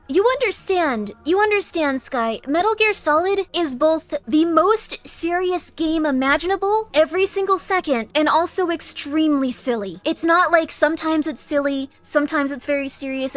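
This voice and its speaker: A woman streamer in casual chat with her viewers, rambling, excitable and laughing at herself. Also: high voice, normal speed.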